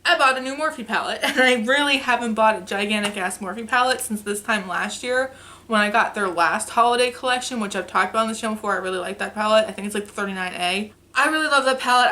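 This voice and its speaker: A woman's voice: mid-range voice, pushed and bright, a little hiss or hum. A young woman vlogger chatting casually and enthusiastically about makeup she bought, with lots of fillers. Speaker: beauty vlogger. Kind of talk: casual makeup haul chat.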